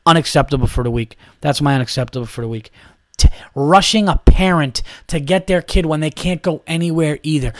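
A man's voice: a little high, no echo, clean studio sound. A man in his thirties hosting a solo podcast, ranting in a heated, profane, rambling way. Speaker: podcast host.

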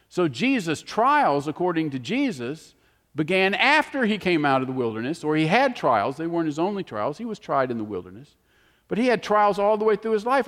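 A man preaching a sermon, animated and storytelling, moving from emphatic to hushed. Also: sits high. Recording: long hall reverb.

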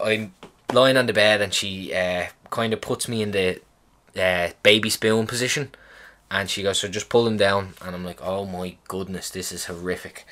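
A young man casually retelling a hospital visit, swearing and rambling, animated in the telling. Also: fairly low pitch, slight background noise. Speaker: vlogger. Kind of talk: casual storytelling chat.

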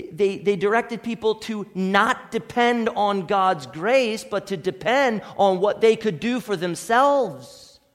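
A man pastor preaching a sermon emphatically, swinging between loud declarations and quiet asides. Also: high voice. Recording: long hall reverb.

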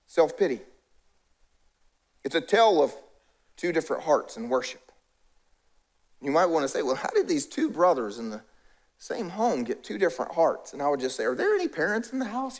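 High-voiced pastor preaching conversationally. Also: male voice. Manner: conversational preaching with acted-out voices of biblical characters. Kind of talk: sermon.

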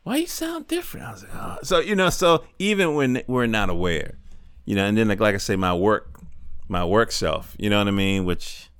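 A middle-aged man talks in a loose stream of consciousness, his voice low and smooth. He drifts between thoughts with plenty of fillers and casual swearing. The sound is dry and close, with no room around it. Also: expressive, normal speed, fairly bright tone, no echo. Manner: loose and digressive, full of fillers and profanity. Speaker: podcaster. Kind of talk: rambling stream-of-consciousness monologue. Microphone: handheld field recorder.

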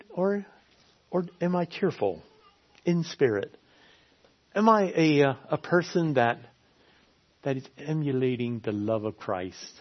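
Earnest male preacher, slightly lo-fi. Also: mid-range voice. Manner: earnest, repeats phrases for emphasis. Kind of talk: sermon. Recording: slightly dull lo-fi sound.

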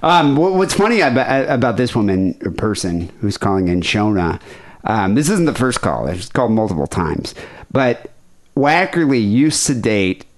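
A man's voice: fairly low pitch, big pitch swings, moderate pace. A man hosting a podcast, chatting casually with crude, loose banter. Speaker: podcast host. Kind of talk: casual chat.

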